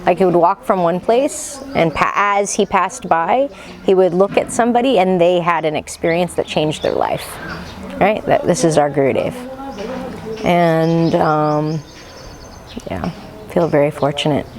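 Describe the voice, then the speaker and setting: A woman's voice: fairly low pitch, a little slow, a crowd in the background. A woman casually sharing memories of her teacher, chatty and laughing often with lots of fillers. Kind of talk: casual personal reminiscence.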